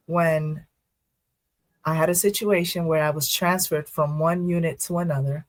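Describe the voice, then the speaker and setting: A woman in a casual interview, a first responder and poet who tells her stories with quick asides and frequent laughter. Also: lowish voice, dry recording. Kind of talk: casual podcast interview talk.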